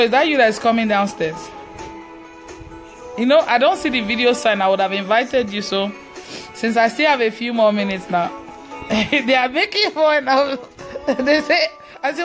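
A woman leading a live online prayer session who laughs often, exclaims and prays aloud in a relaxed casual way. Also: on the high side, normal speed, long pauses, music in the background. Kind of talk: casual live-stream ministry talk.

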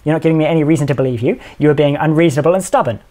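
A man's voice: a little high, racing, mellow, natural voice. A man voicing an insistent, defensive chatbot in a stiff, repetitive, assertive way. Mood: indignant. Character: insistent, defensive chatbot, prickly and self-assured.

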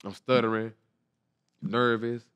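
During a casual storytelling interview, a football player in his twenties speaks slowly in a smooth, mid-range voice while earnestly recounting an emotional story. He animatedly plays out everyone's dialogue, and the recording is dry.

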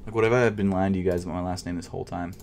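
A man with a lowish voice talking to himself as he shops online for sneakers. He swings from loud frustrated outbursts to under-the-breath whispers, casual and unscripted. A faint hiss of noise sits under the voice. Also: steady tone, racing, vocal fry. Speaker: sneaker vlogger. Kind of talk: casual live commentary.

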